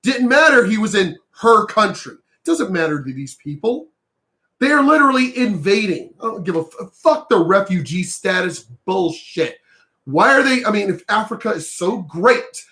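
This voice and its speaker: Angry high-voiced man ranting. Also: sing-song, moderate pace. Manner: heated, profane, emphatic, sometimes shouting. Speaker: reaction commentator. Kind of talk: ranting reaction commentary.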